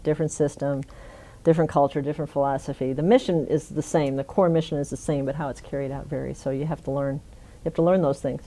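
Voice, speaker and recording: A woman's voice: deep voice, warm tone. A middle-aged woman in an oral history interview, telling a funny story with frequent laughs. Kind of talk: conversational storytelling.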